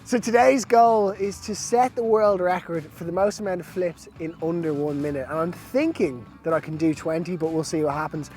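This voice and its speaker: Chatty, high-voiced man outdoors. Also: normal speed, hardly any pauses, darkish tone, faint music behind. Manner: chatty, upbeat and self-amused. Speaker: wakeboarding vlogger. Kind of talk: casual chat to camera. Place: outdoors on a lake by a boat.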